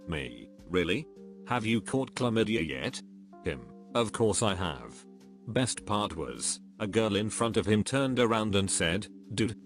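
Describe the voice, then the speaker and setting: A man reads stories aloud in a steady, flat narration. His voice sits on the low side. Soft music plays faintly beneath him. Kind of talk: scripted narration. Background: faint background music.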